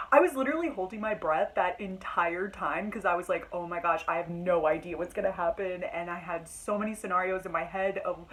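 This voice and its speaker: A woman's voice: on the low side, brisk, hardly any pauses, low-quality recording. A young woman in a casual reading vlog, talking emotionally and dramatically about a book she just finished, with frequent fillers. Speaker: book vlogger.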